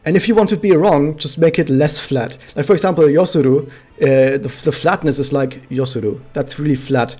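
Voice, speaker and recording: A man's voice: fairly high pitch, fairly quick, a little mellow. A man streaming a game, chatting casually to his viewers and explaining things with many fillers. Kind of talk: casual gameplay commentary to chat.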